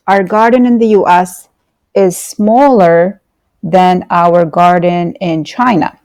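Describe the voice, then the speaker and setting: Slow, patient woman teaching grammar. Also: mid-range voice, darkish tone, dry recording. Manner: patient, explains slowly with fillers and repetition. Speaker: English teacher. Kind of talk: online grammar lesson.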